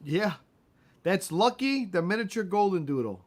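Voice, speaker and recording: A man co-hosting a casual livestream, teasing the host with quick banter. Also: high-pitched, lively intonation, a little hiss or hum.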